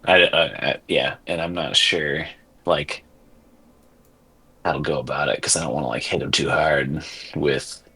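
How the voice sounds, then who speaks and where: Deep husky-voiced man at a game table. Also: steady tone, pushed and bright. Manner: halting, casual, swears. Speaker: player.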